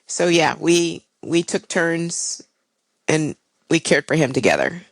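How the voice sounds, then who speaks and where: A woman's voice: sits low, animated, slow pace, dry recording, poor audio. Older woman telling a personal story. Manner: candid, reflective, with frequent fillers. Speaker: guest, airline pilot.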